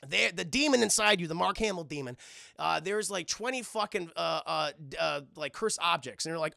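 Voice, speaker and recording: A male streamer with a high, bright voice and a heavy gravelly fry rambles through an anime recap for his chat. He swears freely and keeps turning back to address his viewers. The dry sound sits close to the mic. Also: lively intonation, moderate pace, no echo. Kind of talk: casual recap to live chat.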